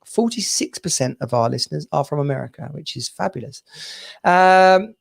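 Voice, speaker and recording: A man's voice: on the high side, lively intonation, moderate pace, vocal fry. A man from England hosting a podcast over a video call, chatting in a bouncy, laughing way. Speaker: podcast host. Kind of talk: casual chat.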